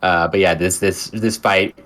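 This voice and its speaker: Low-voiced male co-host, easygoing, short agreeing replies. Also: fairly even intonation, unhurried, fairly bright tone. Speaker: podcast co-host reviewing a film. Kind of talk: casual chat.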